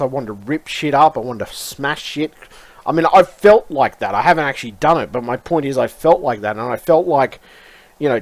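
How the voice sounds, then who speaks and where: Man, casual vlog, rambling, frustrated, swearing, mid pitch. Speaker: YouTuber.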